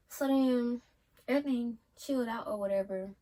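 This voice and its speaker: A young woman telling a storytime in a casual, animated way and acting out what people said. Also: a little high, moderate pace, very noisy. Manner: animated retelling, acts out quotes, yells some lines. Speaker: vlogger.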